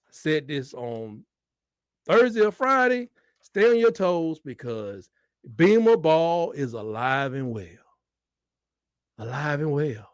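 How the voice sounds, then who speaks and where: A man giving live, excitable reaction commentary on a football game, swinging between shouts and mutters. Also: on the high side, slow pace, long pauses, clear, resonant tone, no room sound, studio quality. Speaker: fan watch-along host.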